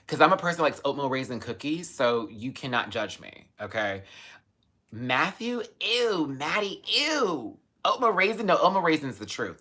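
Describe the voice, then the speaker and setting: A man hosting a casual live stream, gushing and chatty, with sudden high squeals of excitement. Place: home, in Los Angeles.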